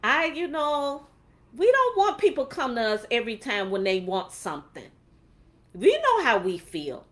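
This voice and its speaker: A woman giving a faith-based motivational talk on a livestream, animated and preachy, acting out quotes along the way. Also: high voice, moderate pace. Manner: animated, preachy, laughs often, acts out quotes. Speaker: motivational speaker.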